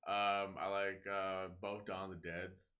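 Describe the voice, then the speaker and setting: Low-pitched and a little slow, this young man co-hosts a podcast, narrating a movie plot casually. He curses freely and animatedly performs the characters' dialogue in different voices.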